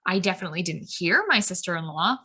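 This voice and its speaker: Husky and sharp, her fairly low voice is animated and quick. A woman in her thirties, she co-hosts a podcast of casual spiritual chat, rambling off on tangents and using "like" and "um" a lot.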